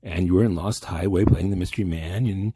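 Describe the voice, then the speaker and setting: A man's voice: deep voice, brisk, dark tone, breathy edge, no room sound, clean studio sound. A man rambling through a comic monologue, stammering and interrupting himself as he goes.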